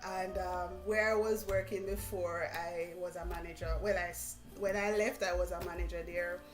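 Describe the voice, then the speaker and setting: A middle-aged Jamaican woman hosting a motivational live stream, talking in an animated way, repeating phrases and laughing often. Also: fairly low pitch, normal speed. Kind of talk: casual interview chat. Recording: echoey room with faint music.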